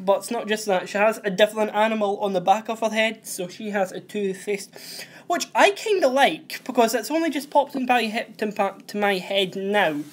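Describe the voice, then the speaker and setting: A young man, casually recapping a TV episode, rambling and often correcting himself. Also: high voice. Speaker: host.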